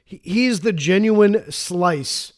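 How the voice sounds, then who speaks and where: A man's voice: high voice, slow pace, darkish tone. A man co-hosting a casual movie podcast, enthusiastic and rambling, often restarting his sentences. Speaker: podcast co-host. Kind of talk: casual movie review chat.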